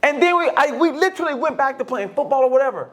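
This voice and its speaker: Animated middle-aged man telling stories. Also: fast. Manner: animated storytelling, swings between high and low, acts out quotes. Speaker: podcast co-host. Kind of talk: casual podcast conversation.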